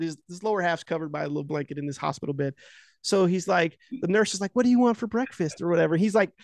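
Rambly guy, fairly high voice, tons of "like", swears a lot, dry close mic. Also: dry recording. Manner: rambling with constant filler words, profane; animated, laughing retelling. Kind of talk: casual chat.

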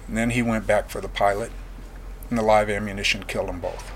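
A man giving a personal testimony as a veteran, plain-spoken and earnest, going quiet on painful memories. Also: on the low side, fairly even intonation, fast talker, a little hiss or hum.

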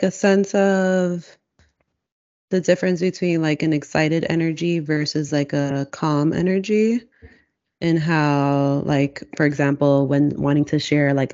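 A person in a reflective casual conversation, speaking slowly and searchingly with many fillers. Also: mid-range voice, flat delivery, darkish tone, highs cut off.

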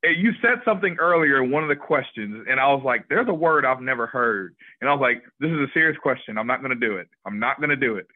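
A man with a Southern US country accent jokes and teases in a relaxed drawl during a casual panel chat. The sound is thin and tinny, like a phone line, yet dry and close. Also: medium pitch, fast talker, hardly any pauses, dry recording. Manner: joking, teasing, laid-back drawl. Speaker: pro wrestler guest.

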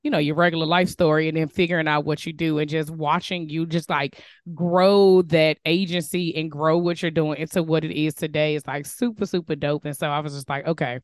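A woman hosting a podcast, chatting casually and animated, laughing easily and using slang. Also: low-pitched, brisk, hardly any pauses, dry recording, studio quality. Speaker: podcast host. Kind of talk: casual interview chat.

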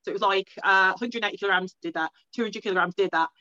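A woman's voice: medium pitch, very fast, pushed and bright, dull audio. An English woman in her thirties, a strength athlete telling stories in a casual interview, chatty and full of restarts. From England. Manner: chatty storytelling with many restarts. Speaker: strongwoman athlete guest.

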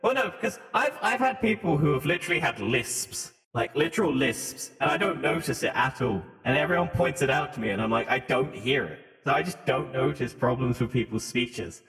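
A man's voice: medium pitch, animated, a little fast, hardly any pauses, a bit bright. A man with an American-sounding accent co-hosting a podcast, trading crude, joking banter in casual chat. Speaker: podcast co-host. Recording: echoey room with long reverb.

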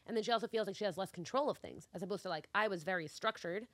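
A woman from New York, co-hosting a podcast, telling family stories in an animated way. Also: medium pitch, rapid-fire, no echo. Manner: animated storyteller. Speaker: podcast co-host. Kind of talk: casual chat.

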